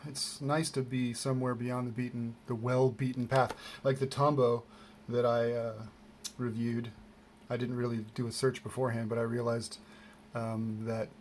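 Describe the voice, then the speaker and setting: A man rambles through an unboxing in a loose, self-deprecating way, full of ums and restarts. His voice sits at an ordinary middle pitch. A faint hiss hangs under the home recording. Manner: self-deprecating, meandering, many fillers and restarts. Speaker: vlogger.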